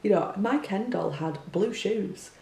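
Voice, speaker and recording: In an echoey room with faint hum and a faraway mic, a young female teacher chats through a casual opinion piece, peppering it with fillers and rhetorical questions. Her mid-range voice is creaky, a little mellow, and a little slow.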